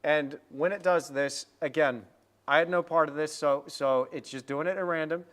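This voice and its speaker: A middle-aged man teaching painting on a livestream, talking in an energetic, rambling way with many restarts. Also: fairly high pitch, normal speed. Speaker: art teacher hosting a livestream. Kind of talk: casual livestream chat while painting.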